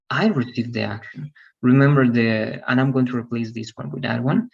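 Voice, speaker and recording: Husky-voiced male teacher, lo-fi audio. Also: mid-range voice, normal speed. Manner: explanatory, repeats "okay" and "right?" to check understanding. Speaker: English teacher. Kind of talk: online grammar class. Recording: dull lo-fi audio.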